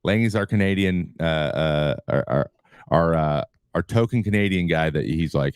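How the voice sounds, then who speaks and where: A man in his thirties, a retired pitcher, telling loose clubhouse stories in an interview, with many restarts and chuckles. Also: animated, a little fast, no room sound, clean studio sound. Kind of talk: casual storytelling interview.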